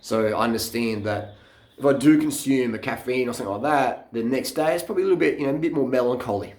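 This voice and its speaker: A man's voice: mid-range voice, quick pace, darkish tone, echoey room. A man, vlogging into a handheld camera in a blunt, mocking rant full of swearing. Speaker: fitness vlogger. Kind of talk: profane off-the-cuff rant.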